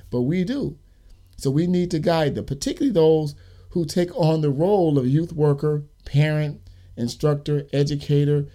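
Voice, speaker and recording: A man's voice: a little high, mellow. A man hosting a podcast, speaking earnestly about youth work in an emphatic monologue full of lists and repeated key words. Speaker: podcast host and youth worker.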